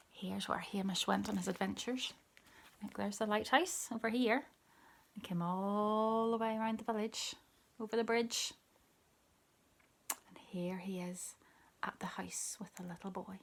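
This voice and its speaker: Slow, husky woman reading a picture book. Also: mid-range voice, steady tone. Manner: soft, often whispered storytelling; points out pictures to listeners. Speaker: storybook reader. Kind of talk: picture-book read-aloud.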